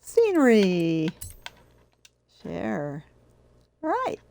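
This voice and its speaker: A woman's voice: medium pitch, wildly swooping pitch, very slow, vocal fry, dark tone. An older woman streaming a racing game, chatting casually and giggling often. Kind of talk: casual live-stream commentary.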